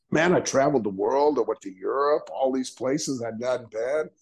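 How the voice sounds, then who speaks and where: A man in his sixties tells stories from his career as an interview guest. His voice has a husky, slightly rough edge, and he slips into other people's voices as he talks, laughing along the way. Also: medium pitch, unhurried, low-quality recording. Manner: animated storyteller, acts out quoted voices, laughs often. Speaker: guest, retired wrestler. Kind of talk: storytelling interview.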